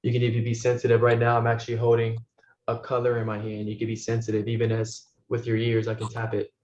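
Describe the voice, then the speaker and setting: A man teaching as a spiritual guide, talking listeners through a meditation in soft, slow, repeated phrases that often sink to a hush. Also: medium pitch, monotone. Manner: soft-spoken, slow, repetitive guidance, often dropping to a hush. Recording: roomy, dull recording with faint noise.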